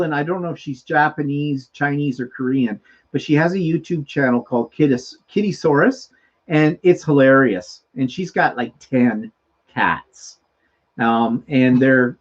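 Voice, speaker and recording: A man's voice: mid-range voice, measured pace, dull audio. A man hosting a casual livestream chat, reading out viewer comments and signing off the show. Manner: chatty, reads viewer comments aloud. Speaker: host.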